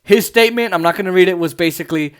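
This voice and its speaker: A man's voice: sits high, very fast, clean tone. Sarcastic young man ranting about politics. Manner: sarcastic, mocking, full of filler likes. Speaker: political commentator. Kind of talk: casual political rant.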